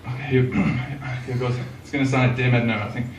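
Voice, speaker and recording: A man's voice: mid-range voice, level tone, a little fast, voice pushed down, close to an everyday voice. A man putting on a clumsy Australian accent to play a young woman barista, incredulous and blunt. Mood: puzzled. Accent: Australian, badly imitated. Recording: roomy club sound from a distance.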